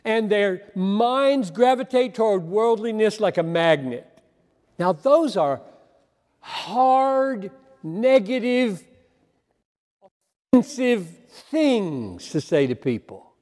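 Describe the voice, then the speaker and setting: An older man preaches with an earnest, emphatic voice that sits high for a man. He halts and repeats words as he presses his point. The sound rings with a long hall echo. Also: sing-song, a little mellow. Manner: earnest, emphatic, with halting repetitions. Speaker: pastor. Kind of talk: sermon.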